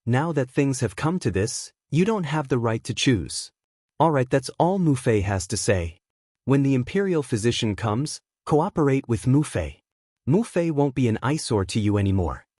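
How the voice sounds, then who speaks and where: A haughty, imperious palace consort scolds with a pitch that swings up and down, as a man reads her lines. The sound is close and dry, with no room behind it. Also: big pitch swings, normal speed, a little mellow, dry recording. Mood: stern. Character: proud, imperious imperial consort, middle-aged woman.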